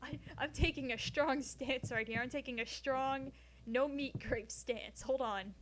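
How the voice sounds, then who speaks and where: A woman's voice: high-pitched, a little slow, slight background noise. Profane rambling woman streamer. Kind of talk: casual live-stream chat. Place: home, sitting on the floor.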